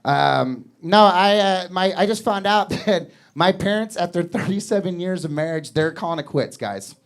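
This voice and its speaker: Stand-up comic, male, high voice, loose and rambling, club set. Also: lively intonation, moderate pace. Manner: casual, rambling delivery with acted-out voices. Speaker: stand-up comedian.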